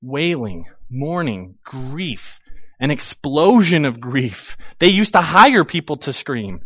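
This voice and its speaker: Animated male pastor, dry dull sound. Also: on the high side, slow, breathy edge, no room sound. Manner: animated, acts out quoted voices, many restarts. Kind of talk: conversational sermon.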